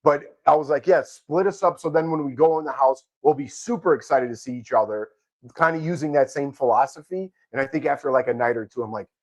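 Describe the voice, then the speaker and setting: A man's voice: mid-range voice, fast. Man telling rambling sentimental stories. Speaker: co-host of a reality TV podcast. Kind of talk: casual live-stream chat.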